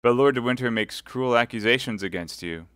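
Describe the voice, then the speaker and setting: A man's voice: mid-range voice, fairly quick, fairly bright tone, smooth, no echo, studio quality, voice pushed up, close to an everyday voice. A man voicing a torn, earnest young Puritan officer who speaks with urgent intensity.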